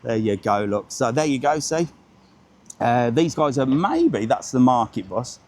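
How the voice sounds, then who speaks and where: A man in his forties hosting a live walking travel vlog, chatty and quick to greet passersby. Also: mid-range voice, very animated, darkish tone. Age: 40s. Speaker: travel vlogger host. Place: seafront promenade outdoors.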